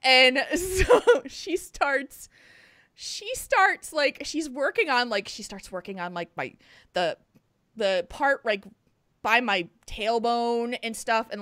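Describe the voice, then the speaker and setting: A woman's voice: on the high side, a bit bright, dry recording, studio quality. A woman co-hosting a podcast, telling a story in casual chat, often laughing through it and whispering when she quotes others. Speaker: podcast co-host.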